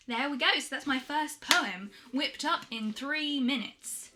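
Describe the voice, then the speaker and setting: A woman vlogging a poetry challenge, chatting in a self-deprecating way and reading her poems aloud slowly and softly. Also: high-pitched, loud music behind the voice. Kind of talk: casual chat and poetry reading.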